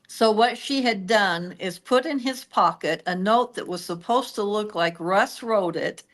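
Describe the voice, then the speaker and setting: A woman co-hosting a true-crime podcast, retelling the case in steady, detailed storytelling. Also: medium pitch, unhurried.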